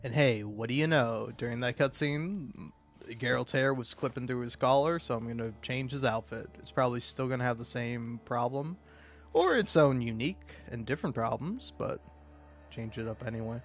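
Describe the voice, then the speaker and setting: A man's voice: medium pitch, moderate pace. A man giving casual, rambling let's-play commentary, hesitant and laughing often. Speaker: gaming commentator. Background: game music.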